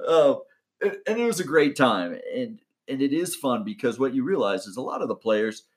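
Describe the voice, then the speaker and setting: A man in casual podcast conversation, easygoing and quick to drop in short agreements. His voice sits at an ordinary middle pitch, and he tells his own anecdotes in a relaxed, conversational way. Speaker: podcast co-host, former team entertainment staff. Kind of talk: casual chat.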